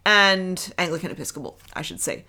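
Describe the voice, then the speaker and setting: Animated woman chatting on a podcast. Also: on the low side, a little fast. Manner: rambling, with many restarts and fillers. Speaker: podcast co-host. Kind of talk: casual chat.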